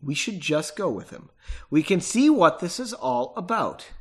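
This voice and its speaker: A man with a stuffy nose voicing a calm, placating young man mage. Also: sits high, moderate pace, heavily acted.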